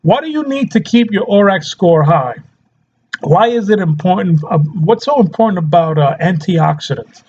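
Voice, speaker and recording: A man's voice: sits high, expressive, normal speed, darkish tone, husky, dull audio. A man talking casually as a nutrition coach, chatty, laughing often and checking in with his listeners as he goes. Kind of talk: casual health talk to camera.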